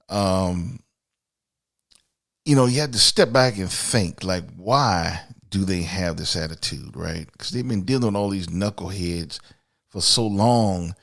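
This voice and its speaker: A man's voice: on the low side, vocal fry. A man hosting a podcast in a casual monologue, blunt and profane, often repeating words as he starts a sentence. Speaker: podcast host.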